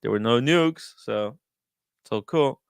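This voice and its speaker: A man's voice: mid-range voice, unhurried, creaky, clean tone, no room sound, studio quality. A man hosting a casual livestream, reading viewer comments in a sarcastic, profane, rambling way. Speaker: host. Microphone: close studio mic.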